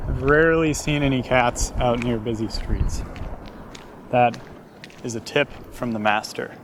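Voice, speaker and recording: A man talks casually while walking residential streets, his words rambling and self-deprecating. He records on a handheld camera outdoors, and a steady street noise sits clearly under his voice. His pitch sits in a middle range. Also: a little slow. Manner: rambling, self-deprecating, coaxing cats in a high voice. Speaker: vlogger. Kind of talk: casual walking vlog commentary. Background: street ambience.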